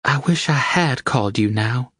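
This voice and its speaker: A man's voice: medium pitch, expressive, normal speed, a bit bright, breathy edge, dry recording, clean studio sound, pitched above the performer's own voice. A man voicing an eager young woman in love in an audiobook, with an earnest, breathless delivery. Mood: yearning.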